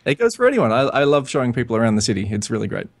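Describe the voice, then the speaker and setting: An Australian man calls in to a podcast and chats in a relaxed, friendly way. He laughs easily as he talks, and his voice sits at a middle pitch. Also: rapid-fire, vocal fry. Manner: laughing, easygoing, chatty. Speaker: caller. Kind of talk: casual chat.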